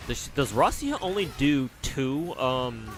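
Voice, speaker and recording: A man's voice: mid-range voice, very animated, slow pace. A man livestreaming a game, chatting casually and bluntly as he reads chat and plays, rambling and swearing freely. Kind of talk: casual commentary while playing and reading chat.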